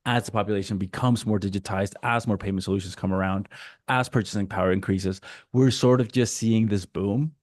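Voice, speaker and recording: A man from Mexico giving a casual, animated webinar presentation over a video call, slipping into quick voices for customers. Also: fairly low pitch, no echo, clean studio sound. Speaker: guest speaker.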